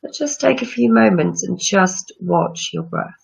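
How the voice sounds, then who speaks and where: A woman yoga teacher leading a guided breathing meditation with slow, soothing instructions. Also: lowish voice, lively intonation, creaky, husky. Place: room with chairs, not a studio. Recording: dull lo-fi sound.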